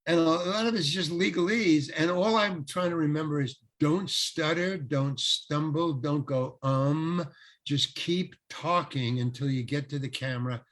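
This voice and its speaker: An older male actor, a guest on an interview, telling rambling, animated anecdotes full of restarts. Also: fairly high pitch, a little slow. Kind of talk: casual storytelling interview.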